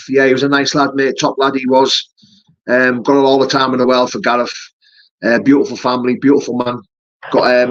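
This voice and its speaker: Man, a fighter hosting a live stream, mid-pitched voice, casual and matey, dull lo-fi stream audio. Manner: matey, peppers talk with "mate" and "you know". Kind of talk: casual live-stream chat, answering viewer comments.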